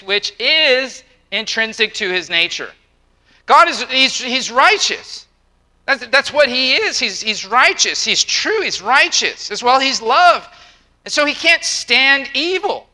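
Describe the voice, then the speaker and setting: A middle-aged man preaching a sermon, emphatic and repeating himself, with quick acted-out asides. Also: extremely high pitch, very animated, pushed and bright, poor audio. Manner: emphatic, repeats words, acts out quotes. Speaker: pastor.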